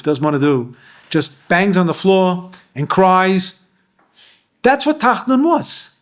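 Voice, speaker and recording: A rabbi giving a Torah lecture to a class. He explains Hebrew verses line by line and asks his listeners questions. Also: on the high side.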